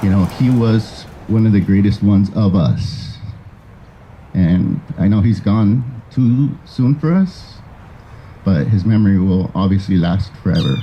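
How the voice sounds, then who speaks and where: A man's voice: on the low side, measured pace, dark tone, dull audio, a little hiss or hum. A man praising a family member at a graveside, repeating himself and saying "you know" often. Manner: repetitive, with many "you know"s. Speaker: family member giving a eulogy. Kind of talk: graveside eulogy. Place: outdoors at a graveside.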